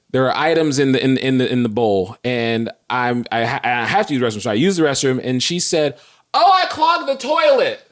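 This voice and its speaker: A man's voice: mid-range voice, clean tone. A man co-hosting a podcast, telling a story in casual chat and acting out his own outrage with self-mocking humor. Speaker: podcast co-host.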